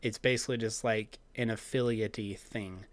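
A man who is slightly hoarse hosts a live show, chatting casually as he reads viewers' comments and keeps asking "okay?". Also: on the low side, steady tone, normal speed. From Utah. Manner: chatty, repeats "okay?" often. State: slightly hoarse, clearing his throat. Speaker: host of a live raw dog-feeding show. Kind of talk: casual livestream talk, reading chat.

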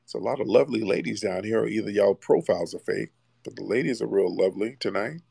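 A man's voice: lowish voice, quick pace, vocal fry, warm tone, slightly rough, no echo. A man hosting a live call-in stream, talking bluntly and mockingly down to his callers. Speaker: livestream host. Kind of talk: casual live call-in chat.

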